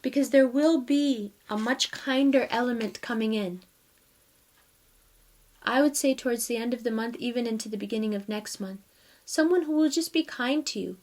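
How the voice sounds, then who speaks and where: A woman's voice: fairly high pitch, moderate pace, a little mellow. A woman giving a casual tarot reading, talking straight to her viewers in a chatty way and laughing often. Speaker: tarot reader.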